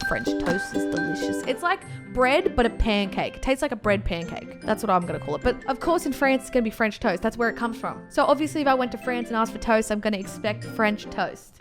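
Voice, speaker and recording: An Australian woman giving a chatty, rambling reaction commentary as a vlogger, exaggerating freely. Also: fairly high pitch.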